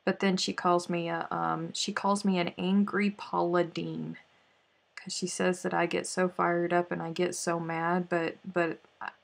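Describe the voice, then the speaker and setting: Southern lady hosting a crochet stream, slow easy talk, kinda gravelly low voice, counts stitches quietly. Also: flat delivery. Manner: chatty, counts stitches under her breath. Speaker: crochet live stream host. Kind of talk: casual live stream chat while crocheting.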